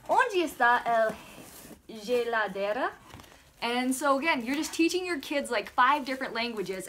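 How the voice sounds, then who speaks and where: A young woman, a mom, chatting in a bubbly, excited way while unboxing for a vlog at home and talking to her toddler. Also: sits high. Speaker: mom vlogger. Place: home room with backdrop. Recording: noisy home recording.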